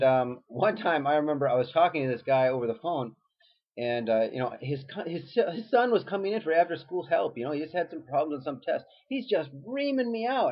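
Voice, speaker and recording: A man, a former teacher, giving casual advice and telling stories in a conversational way with lots of fillers. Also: mid-range voice. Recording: dull lo-fi recording.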